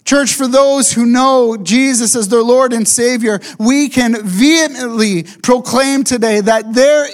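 A male pastor delivers an emphatic sermon in a voice pitched far above most men's. He leans on his key phrases, slowing right down and saying them again so they land.

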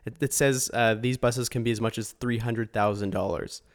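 This is a Canadian man co-hosting a casual podcast. He talks in an easygoing, joking way, laughs a lot and pokes fun at himself. His voice sits at a middle pitch. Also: fairly even intonation, normal speed. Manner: laughs often, self-deprecating. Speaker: podcast co-host. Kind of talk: casual chat.

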